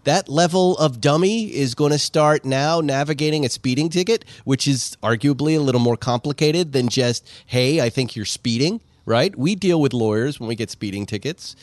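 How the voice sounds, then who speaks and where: A man hosting a podcast, talking in a rambling, animated way and laughing often. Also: on the high side, normal speed, hardly any pauses, no room sound. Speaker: podcast host. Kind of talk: casual chat. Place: outdoor patio.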